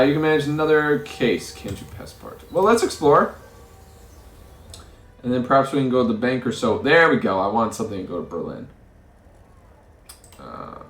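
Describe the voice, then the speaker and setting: Guy narrating a story game and thinking out loud, voice bounces around a lot, echoey room. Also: mid-range voice. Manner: muses aloud, stumbling over words and chuckling. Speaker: let's play host. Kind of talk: reading game text aloud and commenting.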